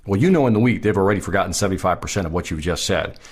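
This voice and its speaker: Emphatic husky-voiced man podcasting. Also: deep voice, racing. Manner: emphatic, repeats key points. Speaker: podcast host. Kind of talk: sales advice podcast monologue.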